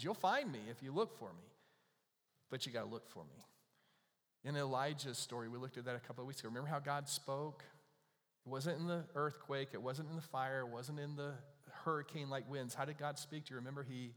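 Male pastor, slightly high voice, chatty sermon delivery, long hall reverb. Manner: conversational preaching, rising to emphatic bursts then dropping soft.

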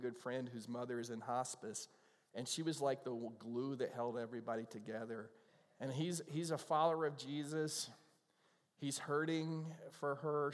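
A man preaching a sermon in a conversational, earnest way who is moved to emotion easily. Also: medium pitch. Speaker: pastor. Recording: long hall reverb.

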